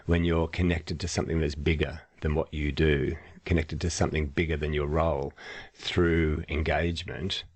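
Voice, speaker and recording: A man, co-hosting a podcast and telling workplace anecdotes in a casual, animated way, acting out quotes as he goes. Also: extremely low pitch. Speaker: podcast co-host, leadership trainer. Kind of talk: casual storytelling chat.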